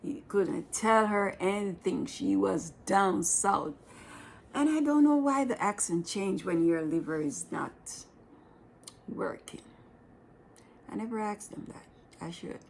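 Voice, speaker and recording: A woman with a Jamaican accent telling her own life story in a personal vlog, plain-spoken and unhurried, often dropping into a breathy whisper. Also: mid-range voice, a little mellow, slight background noise.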